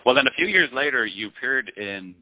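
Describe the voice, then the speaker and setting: A man's voice: medium pitch, sing-song, a little fast, dry recording. A man interviewing an actor, asking prepared questions and giving short acknowledgements. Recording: dry tinny phone-line audio.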